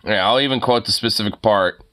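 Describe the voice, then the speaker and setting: A man's voice: lowish voice, a little fast, pushed and bright. A young man streaming, ranting in casual chat, swearing a lot and laughing often.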